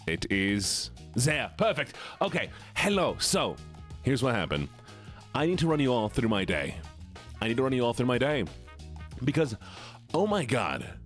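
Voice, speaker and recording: A male streamer with a lively, bouncing voice that swoops up and down as he greets his viewers one at a time. His manner is playful and teasing, with drawn-out hellos in a relaxed chat. Soft music plays faintly underneath. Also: medium pitch. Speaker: livestreamer.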